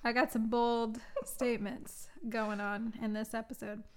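Woman podcast cohost, slow easy pace, playful, laughs a lot. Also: on the high side, little pitch movement, a crowd in the background. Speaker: podcast co-host. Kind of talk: casual chat, movie review.

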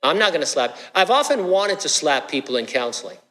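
A man's voice: on the high side, very animated, brisk, pushed and bright. A middle-aged man preaching a sermon, conversational and joking, with asides to the congregation. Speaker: pastor. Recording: long hall reverb.

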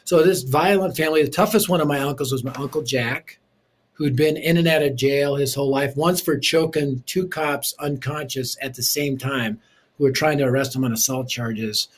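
Husky-voiced man, guest storyteller, mid-pitched, animated delivery. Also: normal speed. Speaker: ministry leader and author. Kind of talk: storytelling interview.

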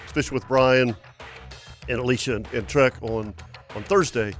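A man's voice: medium pitch, normal speed, soft background music. A man hosting a fishing radio show, chatting and reading sponsor segments. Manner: affable, reads sponsor segments. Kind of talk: casual radio chat.

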